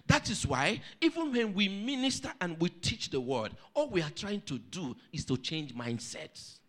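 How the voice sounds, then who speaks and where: A male pastor preaching a sermon, telling a story with lively energy and putting questions to the congregation. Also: high-pitched, moderate pace.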